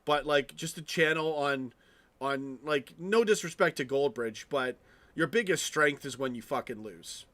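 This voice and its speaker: A man on a live stream rants in a slightly higher-than-usual voice, swearing freely and tripping over his own words. He keeps turning to chat with his viewers as he goes. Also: unhurried, a bit bright. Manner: ranting, profane, frequent restarts; chatty asides to viewers. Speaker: fan channel live streamer. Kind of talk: casual live stream rant.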